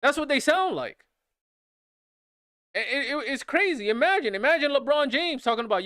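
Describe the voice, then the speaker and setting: A man's voice: very high voice, moderate pace, long pauses, dry recording, clean studio sound. A man in his thirties ranting incredulously while he plays, repeating himself as he goes. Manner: incredulous, repetitive, animated. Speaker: gaming streamer. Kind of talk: casual rant while playing.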